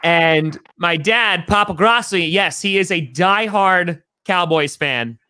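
A man's voice: high voice, takes it slowly, bright, forceful tone, clean tone, no echo, studio quality. A man in his thirties from New York, an enthusiastic podcast guest chatting casually in a rambling way.

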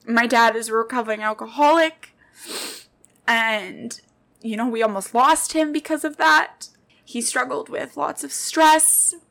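A woman's voice: fairly high pitch, a little slow, vocal fry, a bit bright. Earnest young woman podcaster, heartfelt. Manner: earnest, heartfelt, talks straight to listeners. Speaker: podcast host. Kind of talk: personal podcast monologue.

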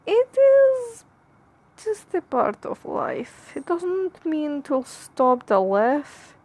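Woman, native punjabi speaker, fake theatrical accent, high lively voice, slow musing delivery. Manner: theatrical put-on foreign accent; musing, drifting between jokes and philosophy. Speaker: podcast host. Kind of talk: rambling comic monologue.

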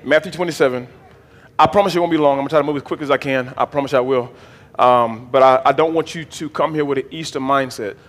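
In a church sanctuary, a bishop and pastor preaches a sermon full of call-and-response and folksy jokes for his congregation. His mid-range voice moves fast and echoes as in a large hall.

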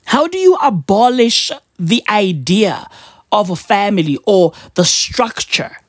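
A woman's voice: mid-range voice, sing-song, a little slow, no room sound, clean studio sound. Profane, slangy woman ranting. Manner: profane, slangy, emphatic, mocking. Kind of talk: casual ranting chat.

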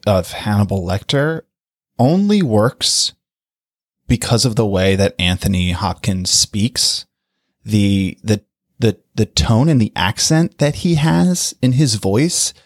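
A man co-hosting a podcast, talking haltingly as he searches for words. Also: lowish voice, animated, no room sound, studio quality. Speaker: podcast co-host. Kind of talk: casual chat.

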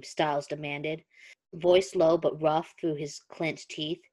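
A woman hosting a casual podcast chat and reading fan fiction aloud, animated and quick to laugh. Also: sits low. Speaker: podcast host and reader.

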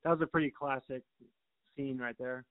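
A man's voice: medium pitch, steady tone, normal speed, dry recording. A man leading a casual film chat, asking questions and agreeing briefly. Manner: asks questions, short agreeing replies. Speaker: movie podcast co-host. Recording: tinny phone-like line.

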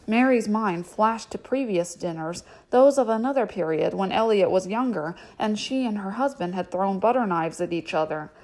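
A woman's voice: mid-range voice, animated, moderate pace, hardly any pauses, darkish tone. A woman reading a novel aloud, breaking off for chatty, filler-heavy asides. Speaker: reader. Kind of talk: audiobook reading with casual asides.

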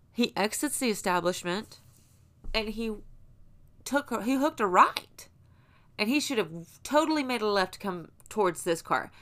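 A woman's voice: medium pitch, a bit bright. Woman, 30s, casual vlogger; rambling, profane, chatty storyteller.

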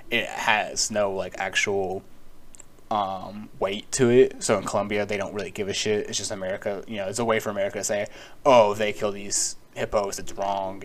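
A man's voice: on the low side, a little hiss or hum. A young man hosting a solo podcast, rambling casually with lots of swearing, filler words and sarcastic asides. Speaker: podcast host.

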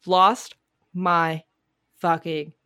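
A woman co-host spinning a casual, animated story and swearing freely as she goes. Her voice sits a bit low, recorded dry and close with no room sound. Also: very slow, clear, resonant tone, no room sound. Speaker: podcast co-host. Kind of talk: casual chat. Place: home garage studio.

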